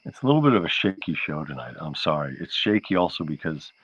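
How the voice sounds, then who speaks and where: A man's voice: very deep voice, big pitch swings, fast, a bit bright, husky. A man hosting a livestream from home, chatting casually and rambling from one aside to the next, recorded on a laptop microphone. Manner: rambling and easily sidetracked. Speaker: livestream show host. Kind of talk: casual chat with viewers. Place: home, near an outdoor porch area. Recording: dull lo-fi sound.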